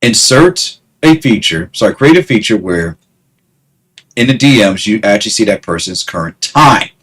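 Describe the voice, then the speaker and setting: A man's voice: lowish voice, very animated, moderate pace, a bit bright, husky, low-quality recording. A man ranting casually to camera, exasperated, repeating himself and breaking into laughter. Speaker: vlogger.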